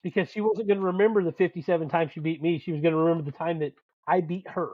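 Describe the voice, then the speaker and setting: A man with a slightly raised voice swaps profane, animated stories in casual sports banter. His audio sounds dull and lo-fi. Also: a little high, quick pace, dry recording. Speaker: podcast co-host; youth sports dad and coach.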